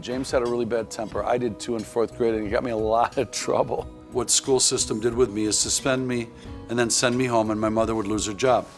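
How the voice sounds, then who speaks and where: A male elementary schoolteacher who talks in a frank, energetic, coaching way. His pitch sits in the ordinary middle range. Soft music plays faintly underneath. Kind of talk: documentary interview and classroom teaching.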